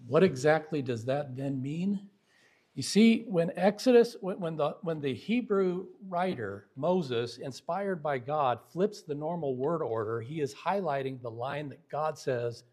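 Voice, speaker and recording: Guy preaching a bible lesson, kinda husky voice, leans on every point, keeps asking the crowd "right?". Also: fairly high pitch, expressive, unhurried, darkish tone. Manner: emphatic, asks the audience rhetorical questions. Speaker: preacher teaching Bible syntax. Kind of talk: sermon-style Bible lesson.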